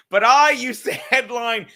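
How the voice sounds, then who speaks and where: A man with a New York accent hosting a casual chat, telling stories animatedly with plenty of swearing and quick asides. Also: very high-pitched, pushed and bright. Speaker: podcast host and comedian.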